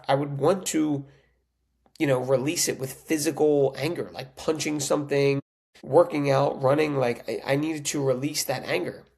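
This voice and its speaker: Man, podcast coach, gravelly texture, earnest casual monologue, mid pitch. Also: a little mellow. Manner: earnest, conversational, frequent "right?" tags.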